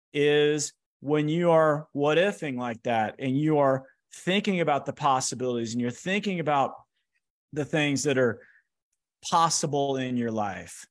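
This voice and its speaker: Energetic motivational speaker, male. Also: a little high, moderate pace. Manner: energetic, acts out quoted dialogue. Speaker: speaker giving a finance workshop. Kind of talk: animated motivational storytelling.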